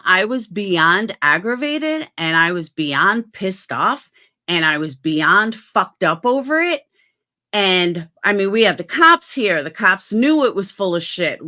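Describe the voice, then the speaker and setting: A middle-aged woman with a bright, clear voice talks straight to her viewers in a casual commentary vlog. She is blunt and defensive, swearing freely as she sets the record straight. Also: mid-range voice, sing-song, a little slow. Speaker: YouTube commentary host.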